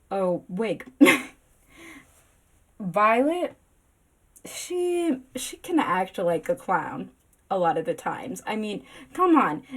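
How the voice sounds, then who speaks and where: A woman giving a casual slideshow vlog about a book, giggly, rambling and self-deprecating. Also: mid-range voice. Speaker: booktok vlogger.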